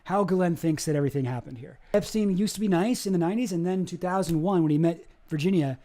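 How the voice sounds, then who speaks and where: A male streamer talking through deposition footage in an animated, profane and indignant way. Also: high voice, fast talker.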